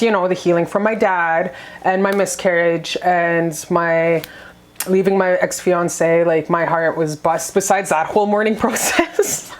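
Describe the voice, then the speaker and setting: A young adult woman talking candidly to her viewers in a confessional vlog, blunt and swearing freely. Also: on the low side. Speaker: vlogger.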